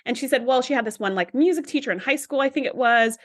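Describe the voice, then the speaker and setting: A woman's voice: high-pitched, fast, no room sound. Chatty woman on a dry-sounding podcast mic. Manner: chatty, laughing, quotes people in a playful voice. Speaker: podcast co-host. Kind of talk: casual podcast chat and storytelling.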